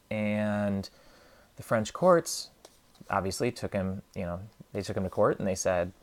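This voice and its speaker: A man who hosts a card unboxing channel tells a long story casually while unboxing cards, meandering and hedging with lots of ums and restarts. His voice is low with fairly even intonation, at a moderate pace with frequent pauses. There's a little hiss or hum in the recording.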